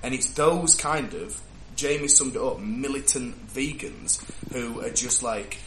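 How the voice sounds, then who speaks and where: A man chats loosely on a podcast, circling back and restarting his sentences as he tells a story. His voice is bright and forceful, and it rings in a roomy space. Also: medium pitch, measured pace, slight background noise. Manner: rambling, restarts often, animated storyteller. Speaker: podcast co-host. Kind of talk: casual chat. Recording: roomy echo.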